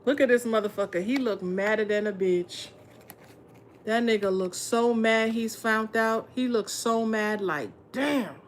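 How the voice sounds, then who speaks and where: A woman's voice: fairly high pitch, a little slow, a little hiss or hum. Blunt, profane woman doing a tarot reading. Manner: slangy, talks straight to viewers. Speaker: tarot reader.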